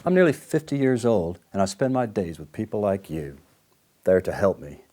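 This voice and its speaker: A man in his late forties playing an angry recovering addict in a counselling role-play, lurching between outbursts and low, ashamed muttering. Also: big pitch swings, moderate pace, warm tone. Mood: angry, bitter. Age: late 40s. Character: angry recovering male addict near fifty, volatile and ashamed.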